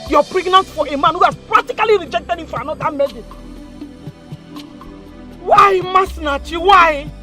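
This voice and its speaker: A high-voiced, distraught village mother with a Nigerian accent, scolding and wailing in an emotional film drama. Faint music plays under her voice. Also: normal speed, long pauses, bright, forceful tone. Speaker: actor.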